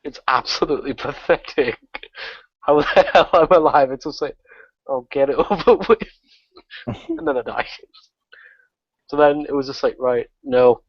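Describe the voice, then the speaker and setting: A man swears his way through a gaming war story. He laughs at his own misfortune, his pitch sits in the middle, and the dry, dull audio has a lo-fi podcast quality. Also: moderate pace, pauses often, no echo. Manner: profane, excitable storytelling with lots of laughter. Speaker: guest gamer. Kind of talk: casual podcast chat.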